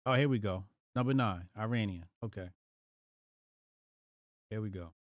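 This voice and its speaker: A man's voice: fairly low pitch, moderate pace, no echo, studio quality. A man hosting a casual live stream, reacting aloud to headlines in loose slang. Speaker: livestream host.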